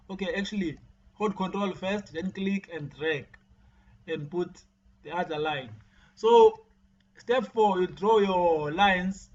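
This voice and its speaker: A man giving a screen-share trading tutorial, often repeating words and restarting his sentences. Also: high voice. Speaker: forex trading teacher. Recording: dull lo-fi mic with faint hiss.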